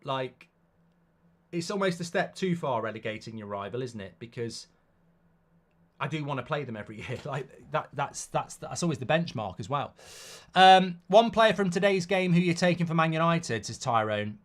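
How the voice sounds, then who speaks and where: A man's voice: fairly high pitch, lively intonation, normal speed. Chatty man hosting a football watchalong. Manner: chatty, reads out viewer comments. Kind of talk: casual live-stream chat.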